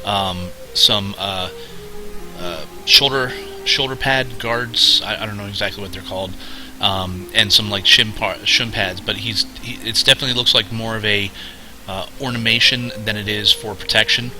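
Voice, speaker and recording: Man, game master narration, halting delivery, lowish voice, very bright tone, faint music behind. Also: fairly even intonation, low-quality recording. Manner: halting, many fillers and restarts.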